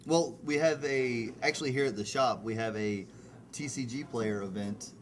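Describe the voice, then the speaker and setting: A man's voice: medium pitch, normal speed. A man hosting a loose, casual podcast chat in a comic shop, swearing and steering the talk. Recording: crowd chatter behind.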